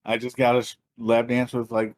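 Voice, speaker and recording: A man's voice: mid-range voice, completely flat delivery, normal speed. A man on a podcast telling a long story in a casual, profane, laughing way. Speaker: podcast co-host.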